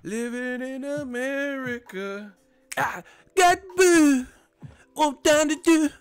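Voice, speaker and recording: A man's voice: on the high side, normal speed, clear, resonant tone, no echo, pitched above the performer's own voice, close to an everyday voice. A man impersonating a male soul singer, slurring mumbled words with yelps. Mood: wild yelping.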